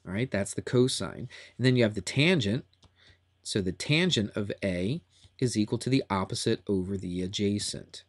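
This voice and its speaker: Guy teaching math, lowish voice, upbeat and chatty, dry close sound. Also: animated, moderate pace, no echo. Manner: chatty, upbeat, repeats himself. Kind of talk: recorded screen lesson.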